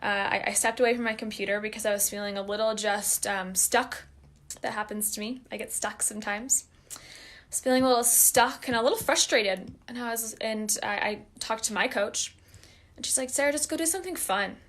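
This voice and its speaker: A woman's voice: mid-range voice, steady tone, moderate pace, a bit bright. A woman talking casually and earnestly to her viewers, chatty and emphatic, at times openly emotional. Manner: gets openly emotional and laughs while talking. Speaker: online empath coach and group leader. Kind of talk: casual direct-to-camera talk to viewers.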